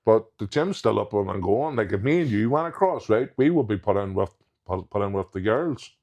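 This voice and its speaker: A man, a professional strongman, chatting as a podcast guest. His voice sits fairly low. He talks frankly and matter-of-factly and laughs easily. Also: animated, moderate pace, a little mellow, muffled recording. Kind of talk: casual chat.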